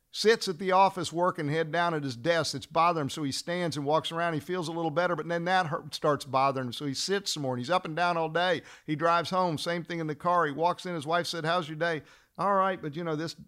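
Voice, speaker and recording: A man teaching fellow trial lawyers, telling a story and acting out the dialogue, then slowing down to stress his key points. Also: fairly high pitch. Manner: acts out dialogue in a lively storytelling way. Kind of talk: storytelling lecture.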